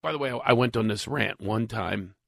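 A man's voice: fairly low pitch, fairly quick, vocal fry, no echo. A man from Philadelphia with a Philadelphia accent, a comedian guest on a studio talk show, telling jokes and stories in punchy bursts. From Philadelphia, USA. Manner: punchy joke-telling, animated storytelling. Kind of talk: studio chat with comic stories.

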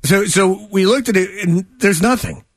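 A man's voice: high-pitched, moderate pace, husky, dry recording. A man hosting a radio show in a studio, talking in casual, sarcastic banter and often laughing and mocking. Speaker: radio host. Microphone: studio mic.

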